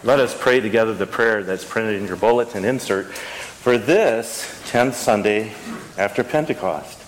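A man's voice: on the low side, measured pace. A man leading a church service, reading liturgy and prayers and speaking casually to the congregation in between. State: out of breath. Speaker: pastor. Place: church sanctuary. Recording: long church reverb, faint ambience.

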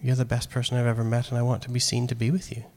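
A man's voice: medium pitch, rapid-fire. Conversational man preaching in a hall. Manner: animated, conversational, acts out quoted lines. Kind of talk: sermon. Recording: long hall reverb.

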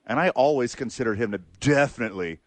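Lively wisecracking male radio co-host. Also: mid-range voice, fast, no echo. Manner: wisecracking, animated. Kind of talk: casual sports talk banter.

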